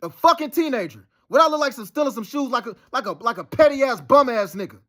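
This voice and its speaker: A man's voice: very high voice, expressive, fast, sharp tone. A man talking in a rambling, profane, heated and insistent monologue. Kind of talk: casual monologue.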